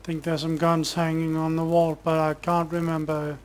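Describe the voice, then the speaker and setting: A man commentating his own gameplay in a relaxed, casual way, bantering sarcastically with game characters and swearing when annoyed. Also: fairly high pitch, normal speed, hardly any pauses. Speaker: gamer streamer.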